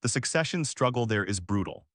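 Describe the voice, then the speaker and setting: A man voicing a calm, confident young male noble heir, recorded dry and close. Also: fairly low pitch, brisk, no room sound.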